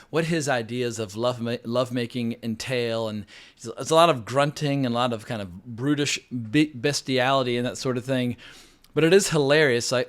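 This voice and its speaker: Guy ranting about a movie, mid-pitched, rambly, curses a bit. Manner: rambling, candid, swears, lively outbursts. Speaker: film reviewer. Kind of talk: casual film review monologue.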